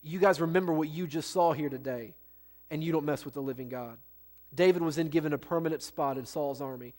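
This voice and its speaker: A man preaching a Sunday sermon with a somewhat high voice. He tells the story in an easy, folksy way, with plenty of asides to the people listening. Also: fairly quick, a little mellow. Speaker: pastor.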